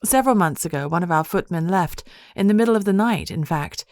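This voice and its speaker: A woman's voice: on the low side, animated, a little fast, darkish tone, no echo, clean studio sound, close to an everyday voice. A woman voicing a gracious, proper countess who speaks in refined, formal phrasing.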